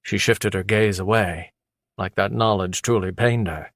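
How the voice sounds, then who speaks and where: Deep-voiced male audiobook narrator. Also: fairly even intonation, a little slow, fairly bright tone, no echo, clean studio sound. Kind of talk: first-person audiobook narration.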